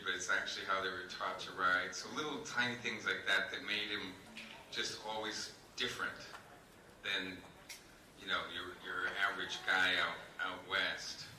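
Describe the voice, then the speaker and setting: A man's voice: fairly low pitch, pushed and bright. A man, an actor, answering audience questions at a convention panel, telling rambling anecdotes with many fillers. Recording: echoey hall, distant mic, noisy.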